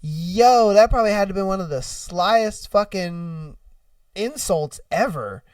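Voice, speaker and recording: A man hosting a podcast, telling stories in an animated, profane way and laughing often, recorded dry and a little away from the mic. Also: high-pitched, measured pace, no room sound, far from the mic. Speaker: podcast host. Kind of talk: casual storytelling and reacting.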